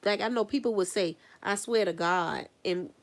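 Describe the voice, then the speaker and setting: Here a woman paints earrings while streaming live, chatting casually as she wanders through her thoughts, laughs at them, and asks viewers questions. Her voice sits at medium pitch and her pace is moderate.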